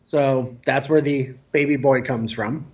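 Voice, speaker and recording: A man guest telling a casual story about himself in a relaxed, self-mocking way, over a remote call. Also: mid-range voice, a little slow, dull audio. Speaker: guest, dance DJ.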